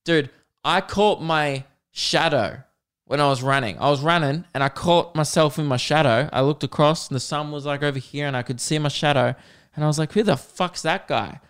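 Smooth-voiced Australian man rambling and laughing. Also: a little high, moderate pace, a bit bright. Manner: rambling, laughs often, swears freely. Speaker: podcast host. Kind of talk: casual solo podcast monologue.

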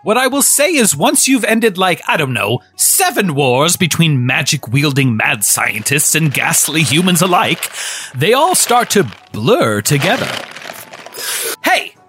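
A performer voicing a boastful, drunk old gnome headmaster in a comedic audio drama, swaggering between sly mutters and loud outbursts. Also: medium pitch, sing-song, a little slow, soft background music. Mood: scornful.

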